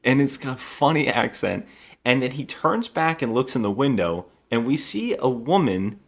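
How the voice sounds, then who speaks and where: A man's voice: mid-range voice, animated, moderate pace, vocal fry. A man co-hosting a podcast, chatting about a horror movie and mimicking its lines with laughs. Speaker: podcast co-host. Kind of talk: casual movie review chat.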